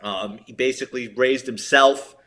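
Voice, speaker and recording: A middle-aged man with a New York accent from the Bronx, a retired detective telling animated stories as a guest. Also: medium pitch, normal speed. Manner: animated, lively storyteller acting out quotes. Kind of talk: casual storytelling interview.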